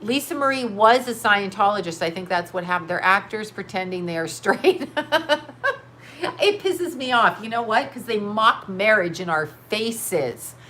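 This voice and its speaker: A woman hosts a loose, rambling commentary, swearing freely and breaking into laughter again and again. Her voice sits at an ordinary middle pitch. A faint background noise runs under her talk. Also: expressive, moderate pace, pushed and bright. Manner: profane, laughs often, frank and rambling. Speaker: host.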